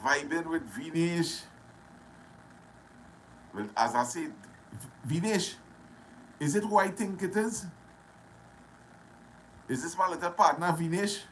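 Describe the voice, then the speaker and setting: A man with a Trinidadian accent hosting a casual live stream, greeting viewers one by one and talking loudly. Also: a little high, slow, long pauses, slight background noise, poor audio. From Trinidad and Tobago. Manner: greets viewers by name, loud and friendly. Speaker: livestream host.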